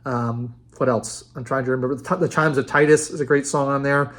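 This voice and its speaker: A man's voice: mid-range voice, steady tone, fairly quick, fairly bright tone. A man casually ranking a band's albums in a rambling, enthusiastic monologue, with many fillers and restarts. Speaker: music reviewer.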